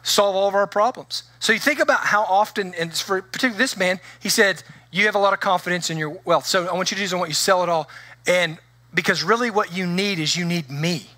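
Male pastor, conversational preaching that acts out quotes; bright tone, close dry sound. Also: sits high, quick pace, no echo. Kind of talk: sermon.

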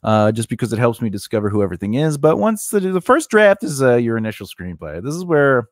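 Big pitch swings and a quick pace mark this man's mid-range voice, captured in clean studio sound with no room ambience. Hosting a screenwriting channel, he casually talks through his writing process in a teaching monologue peppered with asides and fillers.

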